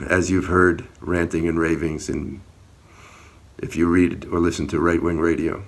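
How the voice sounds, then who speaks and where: Recounting an outdoor encounter on video, an activist speaks earnestly and plainly, sometimes heatedly. His voice is low-pitched and unhurried, with little movement in pitch.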